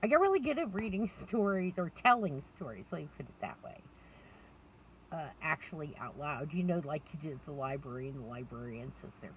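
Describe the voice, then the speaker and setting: A woman's voice: deep voice, sing-song, fairly quick. A middle-aged woman rambling candidly to camera, laughing often and mocking herself. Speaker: vlogger. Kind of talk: candid personal monologue. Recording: distant, dull lo-fi mic with faint noise.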